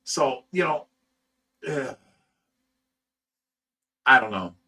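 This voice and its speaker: A man's voice: mid-range voice, expressive, extremely slow, pushed and bright. A man who runs a fish rescue, telling a story on a livestream in a heated, profane way and stammering over repeated words. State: sleep-deprived.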